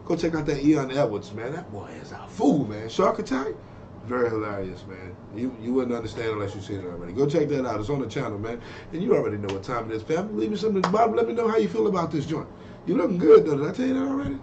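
A man's voice: mid-range voice, expressive, fast, muffled recording, noisy background. A man hosting a reaction channel, talking casually to his viewers in a laid-back way. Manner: laid-back, talks straight to viewers, keeps saying "man".

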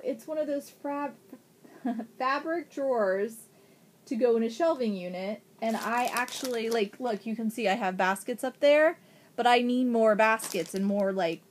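A woman from Ohio in a casual unboxing vlog, gushing with excitement, gasping and thanking a friend over each gift. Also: on the high side, a little hiss or hum. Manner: gushing, excited, frequent gasps. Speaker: vlogger.

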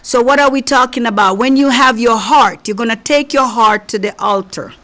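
A woman's voice: a little high, normal speed, a bit bright. A woman preacher with a slight accent giving a conversational sermon, speaking earnestly and directly to her listeners. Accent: non-native English. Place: local community TV studio.

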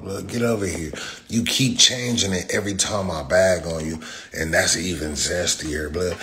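A man's voice: deep voice, a bit bright, a little hiss or hum. A young man in a profane, taunting rant, repeating his insults over and over. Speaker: social media commenter. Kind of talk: angry rant.

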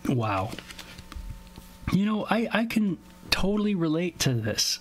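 A man's voice: high voice, sing-song, takes it slowly, long pauses, slight background noise. Chatty man teaching the Bible. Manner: conversational, acts out little skits with voices.

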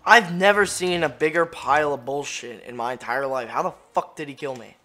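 A gamer doing live gameplay commentary, ranting profanely at the match and bursting into excited yelling. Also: medium pitch, fairly quick. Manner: profane, frustrated ranting at the game.

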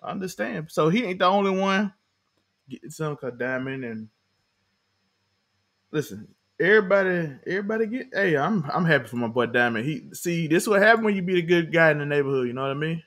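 A young man co-hosting a casual TV recap chat, animated and laughing often, acting out the characters' lines. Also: a little high, a little fast. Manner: animated, laughing, acts out quotes in character voices. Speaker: show co-host.

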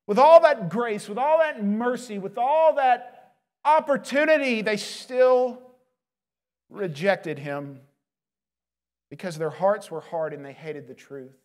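A man's voice: high voice, slow pace, a little mellow. A male pastor preaching a sermon, earnest and emphatic, pleading with his listeners. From United States.

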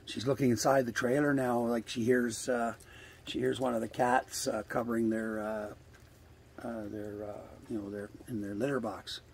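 A man's voice: mid-range voice, steady tone, moderate pace, gravelly, a little hiss or hum. An older man casually vlogging outdoors by a trailer near the woods, rambling and coaxing animals fondly, swearing now and then. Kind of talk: casual outdoor vlog narration.

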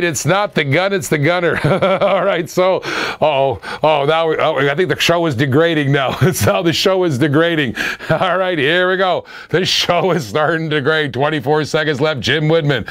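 A man hosting a live-stream auction, excitable and laughing often, repeating his phrases. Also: fairly high pitch, no room sound.

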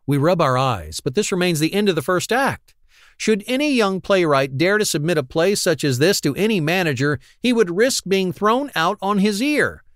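A man's voice: sits high, sing-song, moderate pace, a bit bright, no echo, studio quality. A man narrating an audiobook in a wry, analytical reading. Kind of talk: scripted narration.

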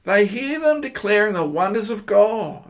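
A man with an Australian accent delivers a sermon in a fairly high voice. He preaches emphatically, pressing his listeners with question after question. His pitch and volume leap up suddenly on key points. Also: normal speed. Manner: emphatic, asks the listeners many rhetorical questions; animated, with sudden jumps in pitch and loudness. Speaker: pastor.

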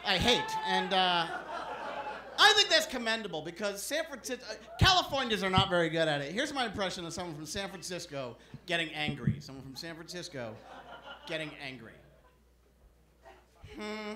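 A male comedian works a comedy club stage with a handheld mic. His voice is high and lively, swinging between deadpan setups and punchy lines. The recording is roomy, with clear background noise. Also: fairly quick. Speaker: stand-up comedian. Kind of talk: stand-up comedy set.

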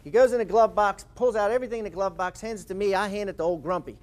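A man in his forties, an author and speaker, telling a lively anecdote in a talk. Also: high voice, rapid-fire. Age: 40s. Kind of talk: storytelling talk.

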